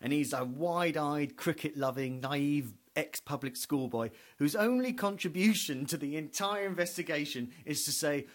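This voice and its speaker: A man's voice: on the high side, animated, moderate pace, few pauses. A man giving a wry, digressive comic monologue and acting out the characters he talks about. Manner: wry, digressive, acts out voices. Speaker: comedian.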